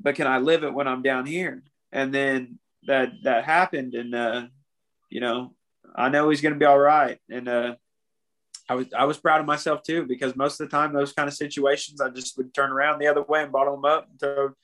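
Speaking a little fast in a level, mid-range voice that's a bit bright, a young man guesting on a podcast gets candid about something painful. He's heartfelt and emotional, and "man" comes up often.

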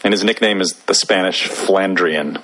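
Low-voiced man on a noisy line. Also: moderate pace. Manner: chips in with trivia. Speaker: podcast co-host. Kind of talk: casual chat. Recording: noisy background.

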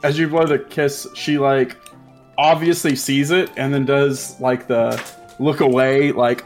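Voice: mid-range voice, level tone, unhurried, faint music behind. A game master narrating a tabletop game in a giggly, rambling way, full of fillers.

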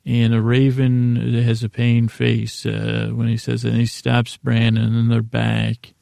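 A man with a heavily gravelly voice talks through a TV episode, loosely paraphrasing each scene with plenty of "uh"s. His delivery is flat and dark-toned. The sound is dry and close, like a podcast mic. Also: mid-range voice, measured pace, no room sound. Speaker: podcast host recapping an episode. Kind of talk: casual episode recap.

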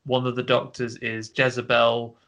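A man's voice: medium pitch, monotone, gravelly, sharp tone. A man co-hosting a casual film discussion over a remote call, retelling scenes and now and then mimicking the characters. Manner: recounts scenes with quick bits of voice mimicry and laughs. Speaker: podcast co-host.

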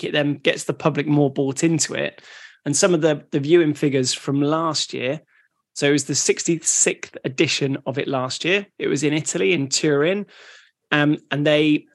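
Man with a gravelly, higher voice. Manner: rambling, with frequent restarts. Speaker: podcast co-host. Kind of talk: casual educational chat.

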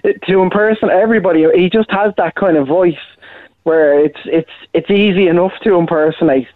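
A male impressionist answering questions in a loose, rambling way, often circling back on his own sentences. His voice sits a little high and comes through a thin, phone-like line with no room echo. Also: brisk. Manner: rambling, frequent restarts and "you know". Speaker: impressionist guest. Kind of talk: casual interview chat. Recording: tinny phone-like line, dry.

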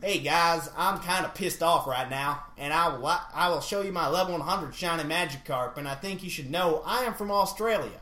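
A man's voice: medium pitch, lively intonation, fairly quick, a bit bright, roomy sound, voice pushed down, lightly acted. A man doing a grumbling drawling young fan. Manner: mock Southern drawl, grumbling. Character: grumpy young male fan with a put-on drawl.

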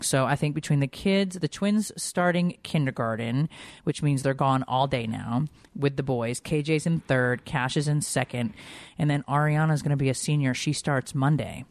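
A woman's voice: extremely low pitch, no room sound, clean studio sound. A woman in her forties from Connecticut hosting a podcast in a rambling, emotional, casual chat. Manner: chatty, rambling, emotional, many fillers. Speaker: podcast host.

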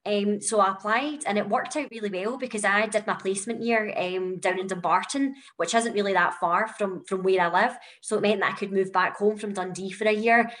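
A woman's voice: mid-range voice, fairly even intonation, fairly quick, hardly any pauses, a bit bright. A young woman with a Glasgow accent, chatting as a podcast guest and telling stories with plenty of fillers. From Scotland. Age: young adult. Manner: chatty storyteller, lots of fillers. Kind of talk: conversational podcast interview.

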